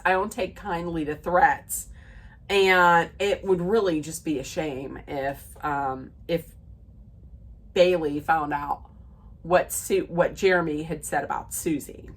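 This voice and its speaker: A woman's voice: lowish voice, fairly bright tone, husky. A woman recapping a reality dating show in a casual, rambling rant, with many fillers and restarts, quoting the cast as she goes. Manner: retells scenes by quoting the cast.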